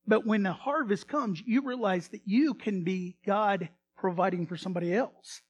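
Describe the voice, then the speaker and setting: A male pastor telling a story in a sermon, animated, swinging from loud bursts to hushed retelling. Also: high-pitched, moderate pace, highs cut off.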